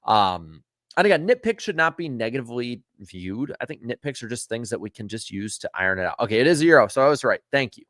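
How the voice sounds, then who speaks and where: A man's voice: mid-range voice, sing-song, fast talker, a bit bright, no room sound, studio quality. A man from Florida hosting a casual livestream, chatting with viewers and reading their comments in a rambling way full of ums and uhs, and turning firm when he scolds rude viewers. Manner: rambling, filler-heavy, with frequent ums and uhs. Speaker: livestream host.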